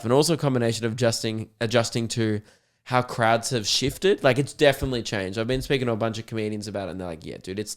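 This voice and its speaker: A young man chats on his podcast in a medium-pitched voice. He tells stories with energy and slips into other people's voices as he goes. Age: young adult. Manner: animated storyteller who acts out voices of others. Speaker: podcast host and comedian. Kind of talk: casual podcast chat.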